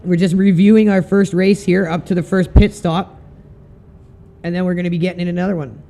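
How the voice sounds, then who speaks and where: A man's voice: high voice, level tone, fairly quick, warm tone, a little hiss or hum. A man chatting casually and swearing now and then while commenting on his sim racing stream. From Canada.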